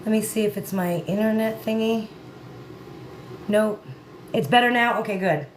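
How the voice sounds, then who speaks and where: A woman's voice: mid-range voice, moderate pace, a little hiss or hum. A woman hosting a casual livestream, chatting emphatically and greeting viewers by name. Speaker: livestream host.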